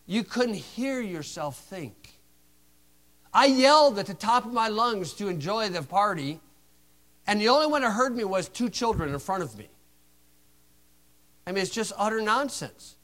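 A man preaching an informal sermon, telling anecdotes in a sarcastic, animated way. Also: sits high, measured pace, long pauses.

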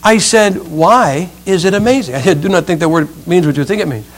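Middle-aged preacher guy, high voice, jokey storytelling sermon. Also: brisk, rough recording. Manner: humorous storytelling, acts out quotes.

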